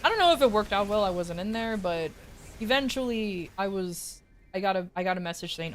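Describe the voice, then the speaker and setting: A woman's voice: medium pitch, fairly quick, a little hiss or hum. A woman streamer casually telling a story, swearing freely and acting out quotes. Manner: animated, profane, acts out quotes.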